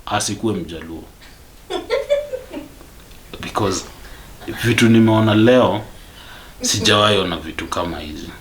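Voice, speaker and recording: A man's voice: deep voice, fairly bright tone, slight background noise. A man with a Kenyan accent ranting to camera in a vlog, emphatic and repetitive, switching between English and Swahili. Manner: emphatic, mixes English and Swahili, repeats points. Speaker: vlogger. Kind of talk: angry rant to camera.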